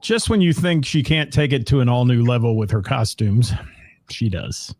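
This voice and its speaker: A man's voice: medium pitch, animated, normal speed, darkish tone. A middle-aged man from Ohio, co-hosting a casual live-streamed chat from home and greeting viewers by name. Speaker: co-host of a live-streamed talk show.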